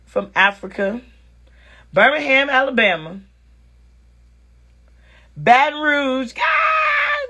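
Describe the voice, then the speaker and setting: A woman's voice: on the high side, pushed and bright, slightly rough. A woman hosting a casual livestream, talking frankly and with lots of energy, cursing freely and reading viewer comments aloud as she answers them. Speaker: live-stream host chatting with viewers. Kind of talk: casual live-stream chat.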